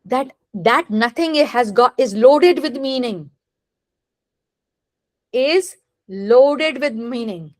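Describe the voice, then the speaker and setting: A woman teacher with a slightly high, animated voice and a darkish tone lectures on literature in a dry recording. She is deliberate and keeps asking rhetorical questions to test whether the students are following along.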